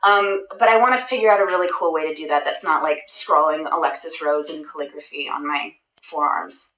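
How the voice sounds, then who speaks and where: A woman's voice: low voice, fairly even intonation, fairly quick, a bit bright. A woman hosting a casual livestream, answering fan questions in a bubbly, self-deprecating way with lots of "um"s. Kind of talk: casual chat. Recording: roomy echo.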